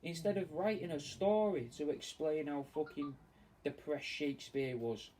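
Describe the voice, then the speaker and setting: A man with a fairly high yet dark, mellow voice rambles in sweary, casual chat while he works. He sits back from the microphone, and a faint ambient hum runs under his talk. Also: normal speed. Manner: sweary, meandering, chatty. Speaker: taxidermist streaming to fans. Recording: distant mic with faint ambient noise.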